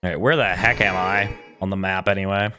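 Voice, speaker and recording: Over game music, a young man with a low-pitched, fairly even voice live-streams a video game at a brisk pace. He chats casually with his viewers, joking around and chuckling often.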